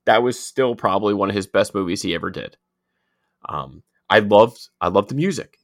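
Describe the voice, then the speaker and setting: A man co-hosting a casual show chat, halting and repeating his words as he talks. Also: lowish voice. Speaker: podcast co-host.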